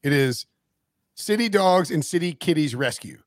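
Higher-voiced man, dry and close. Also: animated, moderate pace, no room sound. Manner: chatty, laughs easily, stumbles over words. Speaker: podcast co-host. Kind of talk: casual sports podcast chat.

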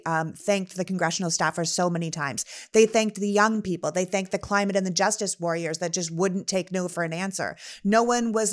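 Enthusiastic woman podcast host. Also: medium pitch. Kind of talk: casual conversational storytelling.

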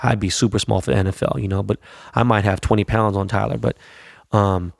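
A man's voice: lowish voice, fairly even intonation, a little fast, vocal fry, no room sound, studio quality. A man chatting casually about his weekend in a slangy, profane, rambling way. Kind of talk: casual chat.

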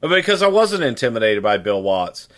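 A man's voice: mid-range voice, very animated, moderate pace. A middle-aged man on a podcast who recalls his career in a blunt, emphatic way and firmly denies claims made about him. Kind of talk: casual podcast conversation.

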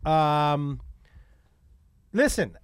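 A man's voice: a little high, lively intonation, drawn-out words, clear, resonant tone, no echo. A man hosting a podcast in a studio, chatting casually and swearing freely as he tells stories. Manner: swearing, storytelling with quoted voices. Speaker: podcast host. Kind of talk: casual chat. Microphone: studio microphone.

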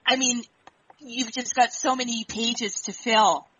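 A woman's voice: fairly high pitch, fairly even intonation, unhurried, lo-fi sound, background noise. A woman hosting a radio interview, admiring her guest and answering him with short replies. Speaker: radio host.

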